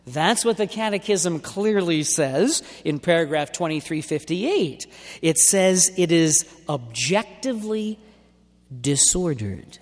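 A man preaching a sermon in an emphatic, deliberate way, stretching out key words. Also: on the high side, expressive. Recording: long hall reverb.

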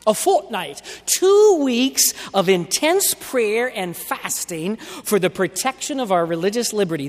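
A man's voice: sits high, big-room sound. A man preaching a sermon in an emphatic, dramatic way, drawing out key words for weight.

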